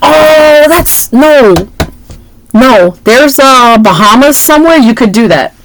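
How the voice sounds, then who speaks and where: A woman co-hosting a casual movie chat, playful and animated, joking around as she talks. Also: sits high, takes it slowly, a little hiss or hum, poor audio. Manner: playful, animated, jokes and puts on voices. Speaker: podcast co-host.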